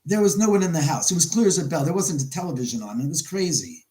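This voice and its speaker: A man's voice: a little high, animated, fast, mellow, rough recording. A middle-aged man hosting a casual livestream from his house, telling rambling stories and answering viewers in the chat. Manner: rambling storyteller, reads chat aloud. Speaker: livestream host.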